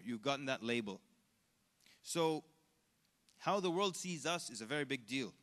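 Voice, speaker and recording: A man giving a conversational, animated lecture at a convention, asking the audience questions as he goes. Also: fairly high pitch. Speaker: Islamic lecturer. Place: large convention hall. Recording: echoey hall.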